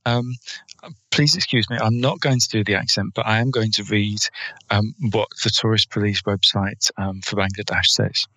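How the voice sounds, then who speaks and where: A man's voice: on the low side, steady tone, moderate pace, pushed and bright, no room sound. A man co-hosting a podcast, chatting casually with joking asides. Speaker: podcast co-host. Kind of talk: casual panel chat.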